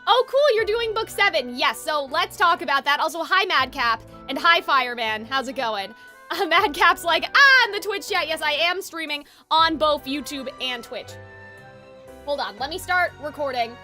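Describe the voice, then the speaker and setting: Bright chatty young woman streamer. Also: high voice, lively intonation, normal speed, soft background music. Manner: chatty, giggly, lots of fillers. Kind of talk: casual live-stream chat.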